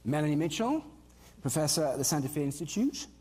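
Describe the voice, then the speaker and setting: Mellow-voiced man moderating a panel. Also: on the high side, big pitch swings, fairly quick, breathy edge. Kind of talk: introducing panelists. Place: stage in a large hall. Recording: long hall reverb.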